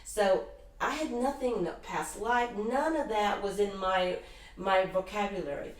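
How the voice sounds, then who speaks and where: A woman's voice: mid-range voice, measured pace. A middle-aged woman, an interview guest, telling long rambling anecdotes with lots of restarts. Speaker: guest, intuitive healer. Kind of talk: casual interview storytelling. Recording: roomy echo, distant mic.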